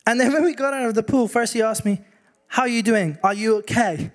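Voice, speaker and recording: A man preaching a sermon, telling a personal story with animated acted-out quotes. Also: extremely high pitch, fairly quick.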